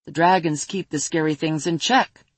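A woman reads a grave adult adventurer in a lowered, breathy voice. He answers flatly, with tired certainty. The sound is dry and close. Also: normal speed, no echo. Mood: calm, firm. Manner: flat, serious, matter-of-fact. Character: stern adult male adventurer, calm, weary.

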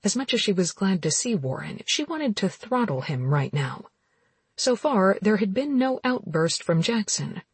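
A woman narrating a romance audiobook with steady, even storytelling, recorded close. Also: medium pitch, moderate pace, husky, dry recording.

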